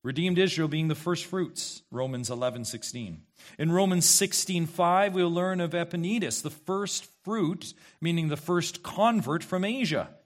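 A man's voice: a little high, measured pace. A male pastor preaching an expository sermon, emphatic and questioning, repeating key phrases to the congregation.

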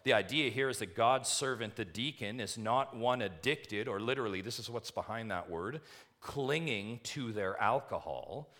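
A man's voice: lowish voice, bright, forceful tone. A male pastor preaching a sermon to his church, emphatic, repeating key phrases and putting questions to the congregation.

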